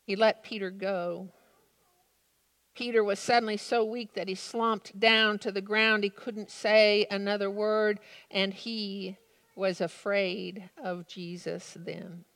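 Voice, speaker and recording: Slow-speaking woman preacher, echoing hall. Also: mid-range voice, little pitch movement, a bit bright. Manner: earnest, reflective storytelling. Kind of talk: sermon with story reading. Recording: long reverb of a large room.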